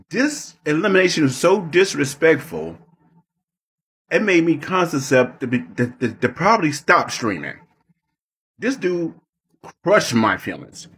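Husky man, mock-dramatic streamer rant. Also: fairly high pitch, fairly bright tone. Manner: theatrical, mock-emotional, repetitive emphasis. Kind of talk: mock-dramatic gaming commentary.

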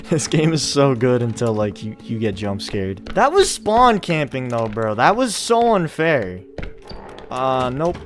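A man's voice: medium pitch, very animated, unhurried, slight background noise. A young man playing a horror game, swearing, yelping and laughing nervously as he goes. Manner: jumpy, loud swearing, yelps and nervous laughter. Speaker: gamer.

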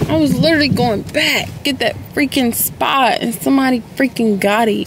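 A young woman with a fairly high voice, talking casually into her phone camera as she drives and walks around downtown. She is chatty and slangy and keeps addressing her viewers as y'all, with clear street and traffic noise behind her. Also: moderate pace. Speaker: vlogger. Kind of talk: casual vlog chat to camera. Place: in a car and out on city streets.

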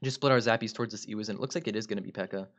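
A man's voice: fairly low pitch, rapid-fire, muffled recording. A man giving upbeat play-by-play commentary on his own gameplay as a video creator, often turning to address his viewers directly.

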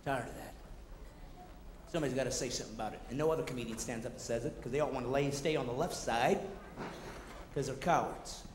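A man doing a high-energy stand-up comedy routine, ranting and jumping into shouted asides and mock voices. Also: fast talker, pauses often. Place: theater stage before a live audience. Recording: echoey hall, noisy 1990s concert recording.

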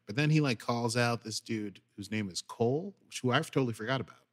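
Fairly quick and with few pauses, this podcast co-host's mid-range voice runs through a casual episode recap. He animates the story by acting out what the characters said.

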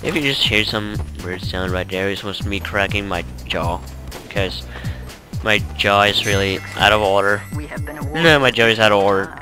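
A man's voice: fairly low pitch, normal speed, music in the background. Tired guy rambling over gameplay. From Norway. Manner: rambling, self-correcting, chuckling. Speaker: let's play gamer. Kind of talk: casual gameplay commentary.

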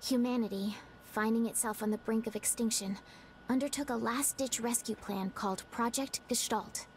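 An actress voicing a calm, cold-hearted game woman, measured and mocking. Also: a little high, slight background noise, natural voice.

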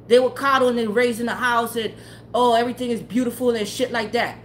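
A fairly high-voiced woman, talking to her live chat as a tarot streamer. She rants bluntly and swears constantly, and there is faint noise behind her. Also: fairly even intonation, a little fast. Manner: blunt, profane, heated, often laughing. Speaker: tarot livestreamer. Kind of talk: profane casual rant to live chat.

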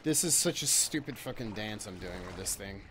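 A man's voice: on the low side, animated, normal speed, background noise. A young man giving let's-play commentary, talking to the game in exasperation and swearing often. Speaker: gameplay commentator.

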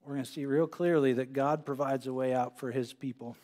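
A man's voice: mid-range voice, steady tone, brisk, darkish tone. A male pastor preaching a sermon in a conversational way, repeating phrases for emphasis. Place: church sanctuary. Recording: live church broadcast with long hall reverb.

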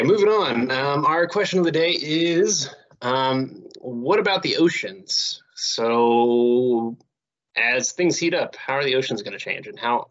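A man's voice: medium pitch, muffled recording. Rambling man giving a casual lecture. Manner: relaxed, rambling, many fillers. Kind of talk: recorded online lecture. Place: home recording near Houston.

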